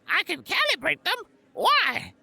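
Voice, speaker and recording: A man voicing a small, skittish male alien creature who works as a nervous tech slicer, with a squeaky, fretful voice. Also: huge pitch swings, a little slow, pushed and bright, no room sound, heavily acted. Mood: skeptical. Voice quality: squeaky, creaky. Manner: fretful, protesting.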